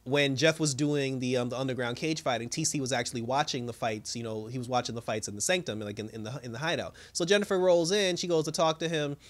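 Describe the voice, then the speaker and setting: A man's voice: medium pitch, fast talker, few pauses. A man giving a casual, rambling recap of a TV episode, laughing often and acting out what the characters said. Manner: animated, laughs often, acts out characters' lines; rambling with many restarts and fillers. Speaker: TV show reviewer.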